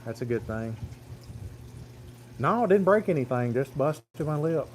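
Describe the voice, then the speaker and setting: A man's voice: medium pitch, animated, unhurried, a little hiss or hum. A man, telling a rambling, plain-spoken farm story on a phone livestream. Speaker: farm vlogger. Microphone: phone camera.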